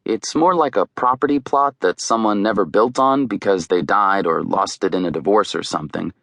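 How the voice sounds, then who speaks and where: Man, audiobook narrator, wry, conversational, lowish voice, dry close sound. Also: normal speed, gravelly, fairly bright tone, dry recording. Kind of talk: scripted narration.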